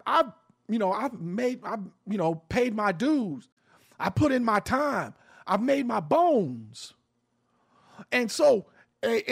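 High, gravelly, fired-up male talk host. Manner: impassioned, blunt, profane. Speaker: radio show host. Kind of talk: heated opinion talk. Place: home in the Arizona desert.

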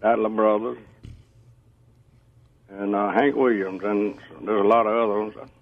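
A man's voice: fairly low pitch, fairly even intonation, a little slow, creaky. A man from Georgia calling in to a radio show, easygoing and chuckling. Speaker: caller. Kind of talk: phone call-in chat. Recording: muffled phone line.

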